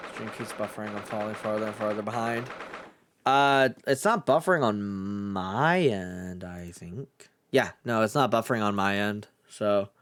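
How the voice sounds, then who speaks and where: A man's voice: medium pitch, dry recording, clean studio sound. A man streaming a game, chatting casually, swearing and joking while reading the dialogue aloud. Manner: sweary, jokey, reads all characters aloud.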